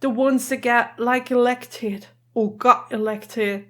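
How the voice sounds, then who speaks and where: A woman's voice: fairly high pitch, steady tone, slow pace, a bit bright. A woman hosting a casual reaction vlog in a room at home. She sounds emotional and teary, chatty and giggly, and keeps her voice down. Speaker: reaction video host.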